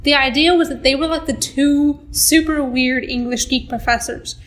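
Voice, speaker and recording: A young woman with a high voice co-hosts a casual podcast. She explains things eagerly, talking fast in bursts with plenty of fillers. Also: fairly even intonation, fairly bright tone, a little hiss or hum. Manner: enthusiastic explainer, filler-heavy. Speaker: podcast co-host. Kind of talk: casual chat.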